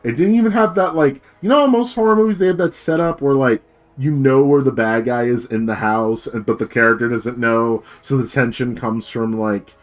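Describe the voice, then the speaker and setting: A man's voice: medium pitch, steady tone, normal speed. A man streaming as a VTuber, rambling in a casual rant full of fillers and swearing.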